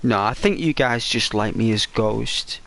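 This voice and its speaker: A man's voice: fairly low pitch, a little slow, vocal fry, a bit bright. A young man streaming a game, chatting casually with viewers, answering their messages, rambling and laughing often.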